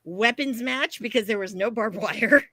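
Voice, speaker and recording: A woman co-hosting a podcast, telling a story in a lively way, acting out what she and others said, and swearing freely. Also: fairly high pitch, moderate pace, dry recording. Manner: animated storytelling, acts out quotes, swears freely. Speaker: podcast co-host. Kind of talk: casual chat.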